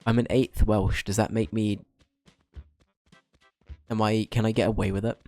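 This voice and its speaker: A young man with a fairly low voice, chatting casually as he streams a game. He cracks jokes at his own expense and throws in quick asides. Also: little pitch movement, darkish tone, no echo, soft background music. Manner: joking, self-deprecating, quick asides. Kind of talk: casual gaming commentary.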